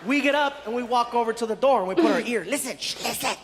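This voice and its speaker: A man doing stand-up comedy on stage, acting out characters and shouting punchlines. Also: very high-pitched, quick pace, very noisy. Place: large venue before a live audience. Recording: stage recording in a long-reverb hall with loud crowd.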